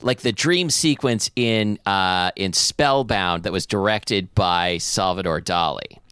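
A man's voice: low-pitched, a bit bright, clean tone, dry recording, clean studio sound. A man co-writer chatting casually and teasing his writing partner, often stretching words out. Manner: playful, teasing, drawn-out pauses. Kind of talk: casual chat.

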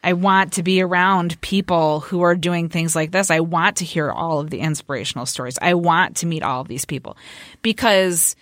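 A woman's voice: on the low side, normal speed, a bit bright, dry recording, clean studio sound. A woman telling an emotional story in a casual podcast conversation, earnest and heartfelt.

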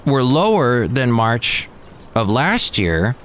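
A man's voice: mid-range voice, very animated, slow, a bit bright. Chatty male podcast host. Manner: chatty, conversational storytelling. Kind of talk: casual news chat. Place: cafe.

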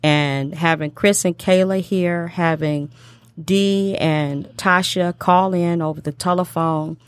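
A low-pitched middle-aged woman hosts a talk show in an unhurried, heartfelt way. She repeats her phrases and fills the gaps with "you know" and "um". The sound is dry and close. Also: steady tone, no room sound. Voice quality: emotional, tongue-tied at times. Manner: warm repetitive speech with many fillers. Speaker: show host.

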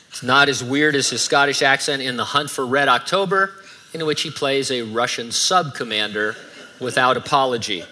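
A man's voice: mid-range voice, bright, forceful tone. A male pastor delivering a sermon in a conversational way, with dry asides.

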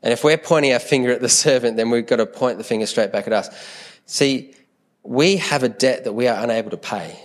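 A man's voice: medium pitch, fairly quick. A man preaching a sermon in an earnest, conversational way, often repeating words as he thinks aloud.

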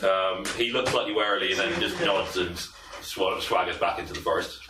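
A man running a tabletop game as game master, narrating in a halting way with frequent ums. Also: sits low. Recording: echoey room, far from mic, faint noise.

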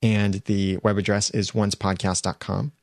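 A male podcast host with a slightly low, gravelly voice, recorded close and dry on a studio microphone. He speaks in an earnest, upbeat way and talks straight to his listeners as he works through a list of tips. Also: little pitch movement, normal speed, no room sound. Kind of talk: solo podcast monologue giving tips.

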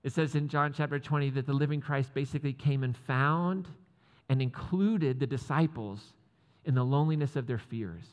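A man's voice: mid-range voice, normal speed. Casual preaching man in a reverberant hall. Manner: casual, joking asides with laughs. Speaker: pastor. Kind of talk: sermon.

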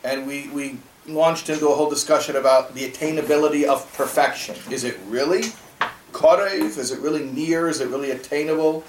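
A man's voice: a little high, a little fast, roomy sound, recorded from a distance, a little hiss or hum, rough recording. A man teaching a classroom lesson on a religious text, talking conversationally and asking his students rhetorical questions.

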